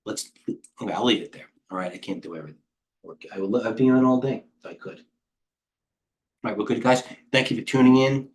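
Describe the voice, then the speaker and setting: A middle-aged man coaching traders, talking in a quick, scattered way and thinking out loud with lots of asides. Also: mid-range voice. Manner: rapid, scattered thinking aloud with many asides. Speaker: trading coach and host. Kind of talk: live market commentary.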